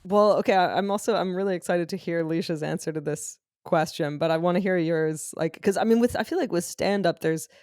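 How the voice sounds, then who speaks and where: Woman comic cohost, lowish voice, dry mic, rambling excited questions. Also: brisk, hardly any pauses, dry recording. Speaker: podcast co-host, comedian. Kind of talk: casual chat.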